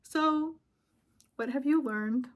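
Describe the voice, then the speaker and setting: A young woman giving a profane, emphatic rant straight to camera, with loud outbursts and quieter asides. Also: high voice, slow. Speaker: vlogger. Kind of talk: ranting monologue to camera.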